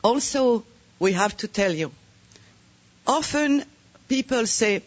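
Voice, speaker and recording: A man's voice: very high voice, animated. A man telling a story to listeners in a joking, emphatic way. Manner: joking, emphatic, slow and deliberate. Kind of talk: storytelling talk. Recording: dull lo-fi recording.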